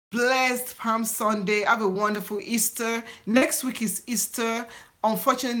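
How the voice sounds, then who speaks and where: Chatty middle-aged woman hosting a live chat. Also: medium pitch. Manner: chatty and warm-hearted, laughs often. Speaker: YouTube channel host.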